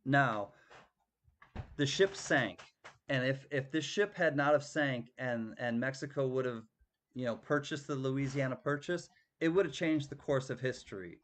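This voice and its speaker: A man's voice: medium pitch, a bit bright. A man running a live-stream coin auction, chatty and thanking bidders by name.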